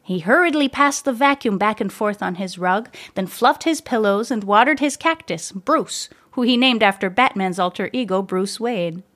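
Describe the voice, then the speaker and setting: A woman narrating a children's story aloud, gentle and measured. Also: medium pitch, animated.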